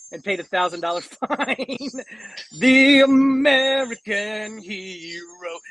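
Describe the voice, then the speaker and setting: High-voiced man in rambling chat. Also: fairly bright tone, a little hiss or hum, low-quality recording. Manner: rambling, many restarts and fillers. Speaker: co-host. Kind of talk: casual podcast chat.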